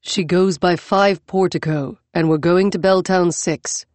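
A woman doing a young man who is wry and a bit defensive with his friends. The voice stays low and near her own, recorded dry and close. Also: steady tone, a little slow, a little mellow, no echo, close to an everyday voice. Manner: plain, a little defensive.

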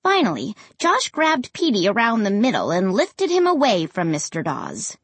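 Expressive woman reading a story aloud. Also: mid-range voice, moderate pace, breathy edge, no echo. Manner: expressive, animated. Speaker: audiobook reader. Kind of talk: scripted first-person story narration.

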